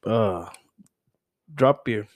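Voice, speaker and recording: A man's voice: lowish voice, lively intonation, extremely slow. A man hosting a podcast who talks casually and laughs easily while wrapping up the episode. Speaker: podcast host. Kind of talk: casual chat.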